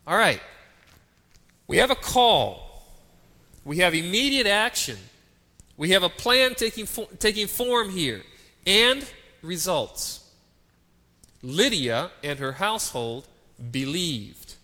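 A male preacher delivers a sermon with a high, bright voice that swoops and soars through his phrases. He speaks slowly and dramatically, putting rhetorical questions to his listeners. The sound rings with the long reverb of a large hall.

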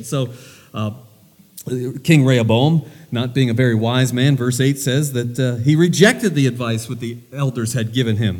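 A man preaching a sermon, reading scripture aloud and retelling it in lively, everyday words. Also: a little high, long reverb tail. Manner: animated, paraphrasing scripture in plain everyday words.

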